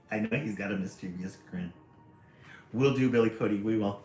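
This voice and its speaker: A man's voice: fairly low pitch, moderate pace, a little mellow, faint music behind. A man reading a picture book aloud on a live stream, chatty and greeting viewers between pages. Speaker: livestream storybook reader. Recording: echoey room.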